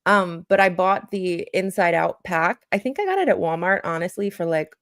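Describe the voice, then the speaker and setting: A woman's voice: lowish voice, expressive, moderate pace, fairly bright tone. Chatty woman guest, full of fillers. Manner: chatty, heavy use of "like" and self-corrections; plays out little dialogue bits in a raised voice. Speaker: guest who counsels children and parents. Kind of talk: casual conversational interview.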